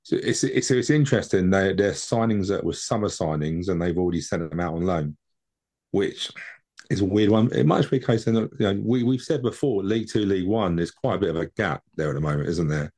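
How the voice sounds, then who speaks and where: A man's voice: deep voice, expressive, a little fast, a little mellow. A man co-hosting a casual football podcast from home, chatty and rambling, often repeating his words. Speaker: podcast co-host.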